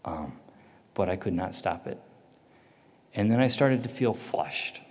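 Guy with a lowish voice telling his testimony, animated, acts out the dialogue. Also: measured pace, big-room sound. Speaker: speaker giving a personal testimony. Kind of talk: storytelling testimony.

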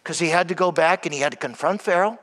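A man preaching a sermon, emphatic, often calling out to "everyone", sometimes dropping to a soft hush. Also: a little high, fast talker. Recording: long hall reverb.

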